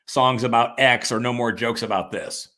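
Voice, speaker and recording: A man's voice: medium pitch, steady tone, normal speed, bright, forceful tone. A man hosting a casual interview podcast, talking conversationally with frequent "I mean" and agreeing asides. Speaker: podcast host.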